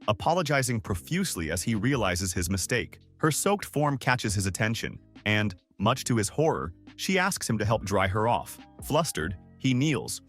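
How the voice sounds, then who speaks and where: Guy narrating a manga recap, low voice, lively delivery.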